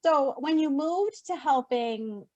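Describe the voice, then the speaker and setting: A fairly high-voiced woman hosting a podcast interview. Her voice is close and dry, with no room sound. She is encouraging and openly emotional, and she answers her guest with quick little interjections. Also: lively intonation, a little mellow, no echo, dull audio. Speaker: podcast host. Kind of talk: casual interview chat.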